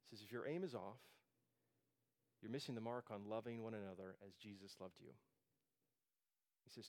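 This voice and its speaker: Guy preaching a sermon, mid pitched voice, earnest, lots of uh and restarts. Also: darkish tone. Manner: earnest, repetitive restarts with many fillers. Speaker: pastor.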